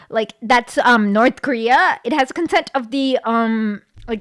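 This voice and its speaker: A woman with a fairly high voice, talking in a blunt, sarcastic way as she reacts to a clip. She speaks casually, full of "um" and "like", in a dry, close recording. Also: no echo. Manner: blunt and sarcastic, with many fillers. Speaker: commentary host.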